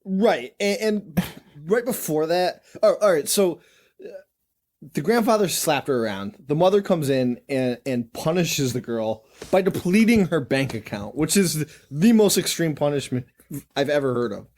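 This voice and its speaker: A man's voice: fairly high pitch, expressive, normal speed, darkish tone. A man co-hosting a podcast in casual chat, making wry, critical asides. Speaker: podcast co-host.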